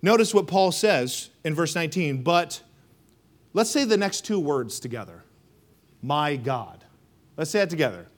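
A man preaching a sermon, emphatic and rhythmic, calling on the congregation to respond and swinging between loud and hushed delivery. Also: fairly high pitch, very animated, moderate pace. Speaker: pastor.

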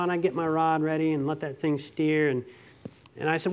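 Guy preaching a sermon, kinda high voice, chatty, keeps asking the church questions. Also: brisk. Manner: animated, conversational preaching with rhetorical questions to the congregation.

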